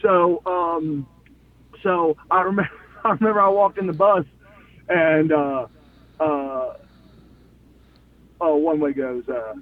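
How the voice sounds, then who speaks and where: A middle-aged man and former pro wrestler telling excited stories as an interview guest, stumbling over restarts and acting out quotes. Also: on the high side, slow pace, long pauses. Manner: excited, repeats words and restarts, acts out quotes. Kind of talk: animated storytelling in an interview. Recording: phone-like line with faint hiss.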